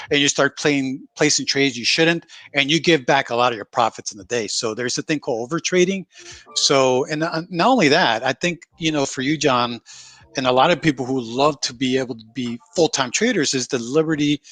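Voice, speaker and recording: A man co-hosting a trading livestream, talking in a relaxed, friendly way and calling his partner bro. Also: medium pitch, no echo. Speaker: trading co-host. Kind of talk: casual livestream chat.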